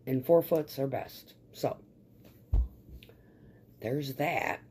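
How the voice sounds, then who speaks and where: A woman's voice: very deep voice, extremely slow, darkish tone, slight background noise. A woman chatting casually in a vlog about remodeling her home, rambling and swearing freely. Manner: rambling and profane.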